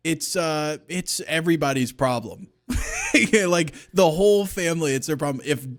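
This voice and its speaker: Male co-host, slightly high voice, relaxed storyteller with crude jokes. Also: moderate pace. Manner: laid-back storytelling, crude humor, frequent laughs. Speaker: podcast co-host. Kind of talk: casual chat.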